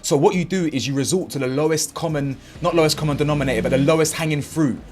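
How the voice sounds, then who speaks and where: A man's voice: a little high, fast. A man doing fired-up reaction commentary, acting out what others said and using heavy street slang. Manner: animated and indignant, acts out quotes, heavy slang. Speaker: commentary channel host.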